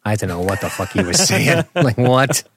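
A man's voice: mid-range voice, sing-song, a little fast, fairly bright tone, slight background noise. An American man co-hosting a podcast in casual chat, profane and jokey, laughing often. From United States. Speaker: podcast co-host.

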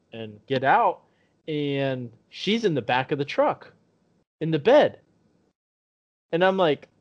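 Guy on a podcast, kinda high voice, cussing a lot while he tells a story, muffled lo-fi sound. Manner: profane, animated storyteller acting out quoted voices. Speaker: podcast co-host. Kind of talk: casual storytelling chat. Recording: dull lo-fi podcast audio.

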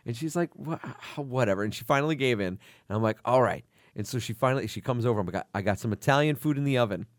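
A man's voice: medium pitch, animated, racing, no echo. Joking man with a dry close sound. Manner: joking, tells anecdotes, bursts into sing-song bits. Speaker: podcast co-host. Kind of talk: casual banter about a film.

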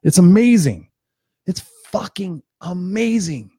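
A man with a high-pitched, warm, slightly breathy voice speaks slowly but with lively intonation. He hosts his own live stream, delivering an unscripted motivational talk with passion, swearing freely and repeating points for emphasis. The recording is dry and studio quality.

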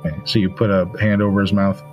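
A man narrating as game master, in a relaxed, halting way with many fillers. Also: deep voice, soft background music.

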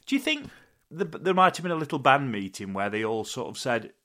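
Lively man teasing his co-host. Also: medium pitch, fairly quick. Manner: teasing questions, hesitant fillers. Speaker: podcast co-host. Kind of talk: casual chat.

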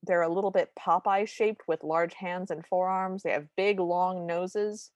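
Low-voiced woman in chatty, wry cartoon talk. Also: steady tone, a little slow, darkish tone, no room sound. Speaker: podcast co-host. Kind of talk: casual chat reviewing a cartoon.

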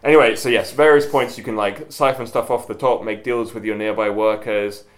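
A man's voice: lowish voice, fairly even intonation, fairly quick. A man co-hosting a casual podcast, chatting enthusiastically with lots of filler words. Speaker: podcast co-host. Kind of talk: casual chat.

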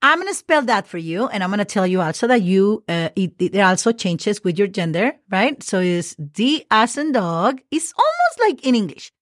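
A woman's voice: mid-range voice, very animated, moderate pace, few pauses, no room sound, studio quality. A woman teaching Spanish on a podcast in a chatty, casual way, spelling words out letter by letter with friendly asides. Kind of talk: casual podcast language lesson.

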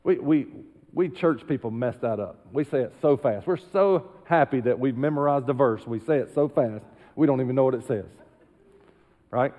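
A male pastor preaching a sermon emphatically, dropping into quiet asides. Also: medium pitch, moderate pace, long reverb tail, narrow, tinny audio. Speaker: senior pastor. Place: church sanctuary.

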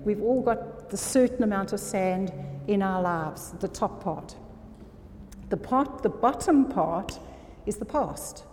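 A woman's voice: medium pitch, slow pace, a little mellow, a little hiss or hum. A woman preaching an earnest sermon to a congregation, often checking that her listeners are still with her. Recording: long reverb of a hall.

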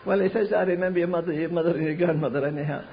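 An older man preaching a sermon, telling stories slowly and rising to fervent pleas. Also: on the high side. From England. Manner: storytelling with slow emphatic stretches, rising to fervent pleas. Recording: muffled lo-fi sermon recording.

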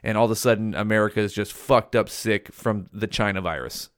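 A man's voice: on the low side, fairly quick, clear, resonant tone, dry recording, studio quality. Profane ranting male podcast host. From California. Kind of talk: casual solo podcast rant.

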